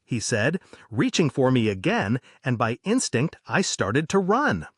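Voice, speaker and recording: A man reading a true horror story aloud in a lively, dramatic narrating manner. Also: mid-range voice, measured pace, breathy edge, dry recording, studio quality.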